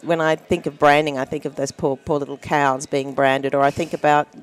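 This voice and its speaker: A woman comedian from Australia, with an accent that drifts toward American, chatting as a guest with self-mocking deadpan asides. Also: low voice, fairly quick. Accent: Australian with a mixed American sound. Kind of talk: casual comic interview chat. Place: busy event floor.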